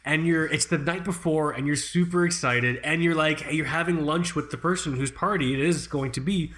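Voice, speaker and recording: A man's voice: a little high, moderate pace, a bit bright. A man co-hosting a casual chat, rambling and joking with frequent laughs. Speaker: co-host.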